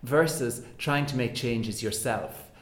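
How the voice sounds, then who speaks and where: A man asks interview questions in a hesitant way, pausing and restarting as he rephrases his thoughts. His voice sits at a middle pitch and carries a roomy echo.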